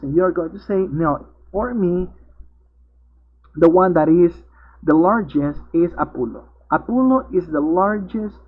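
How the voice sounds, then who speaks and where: A man's voice: high voice, husky. A male English teacher, patiently explaining grammar step by step in an online class. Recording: tinny narrowband video-call audio.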